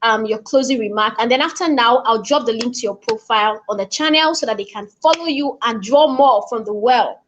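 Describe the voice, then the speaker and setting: High-voiced effusive woman host. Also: a little fast, hardly any pauses, fairly bright tone, highs cut off, slight background noise. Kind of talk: casual live session hosting.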